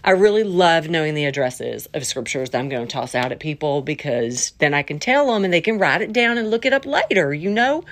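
A middle-aged woman talking through a rambling faith vlog, scattered and playful, slipping into silly voices and quiet whispers. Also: low voice, sing-song, fairly quick, hardly any pauses. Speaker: vlogger.

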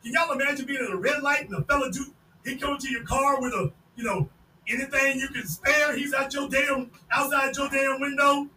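Loud mocking man, high and bright. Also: fairly quick. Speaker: podcast host. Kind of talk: casual commentary on a video. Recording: echoey room, distant mic, faint noise.

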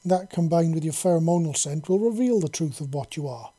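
A man's voice: a little high, expressive, a little fast, mellow. A man voicing a fierce female reptilian alien commander who speaks in a commanding, accusing way. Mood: indignant.

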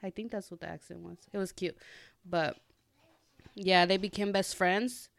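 A woman's voice: on the low side, fairly even intonation, moderate pace, creaky, dry recording. A young woman hosting a podcast, chatting casually about a book with lots of fillers and restarts. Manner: rambling, many fillers and restarts. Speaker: podcast host. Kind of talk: casual chat.

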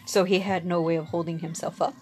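A woman's voice: on the low side, little pitch movement, fairly quick, background noise. A woman telling a personal story in a casual, candid way. She speaks frankly, swears casually and often laughs. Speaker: storyteller sharing personal experience.

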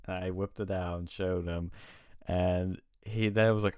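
A young man with a low, smooth, resonant voice tells stories in a relaxed chat and acts out the people he met. He swears freely, and the sound is close and dry with no room echo. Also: a little slow. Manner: animated storyteller acting out quotes, swears and laughs often. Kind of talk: casual chat, storytelling.

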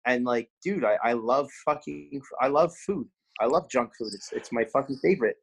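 A man talks in loose, animated podcast chat, cursing freely and restarting his sentences. He sounds like a personal trainer, straight-talking and sore from a workout. His voice sits in an ordinary middle register. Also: medium pitch, moderate pace, creaky, slightly rough. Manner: blunt, swears constantly, animated.

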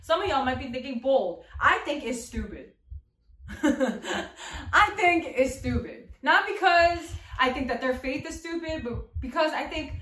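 A woman's voice: high voice, normal speed, few pauses. A woman giving a casual, slangy sermon as a youth preacher, joking and talking straight to her listeners. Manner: slangy, animated, jokey, talks to the audience. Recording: echoey room.

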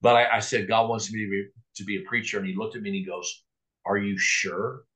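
A man's voice: lowish voice, fairly even intonation, quick pace, a bit bright, rough recording. A middle-aged man, a pastor, telling his personal testimony in a podcast interview, acting out remembered dialogue and often restarting with stammered words. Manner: storytelling with reenacted dialogue, frequent stammered restarts.

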